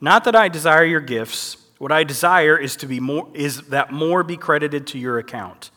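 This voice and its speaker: A man preaching a conversational sermon, teaching with lively asides and frequent checks with his listeners. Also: on the high side, moderate pace. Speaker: pastor. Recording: long hall reverb.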